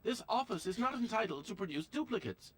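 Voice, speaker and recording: A man's voice: high-pitched, big pitch swings, brisk, a bit bright. An actor playing a formal, officious male automaton notary clerk in a video game. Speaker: game character.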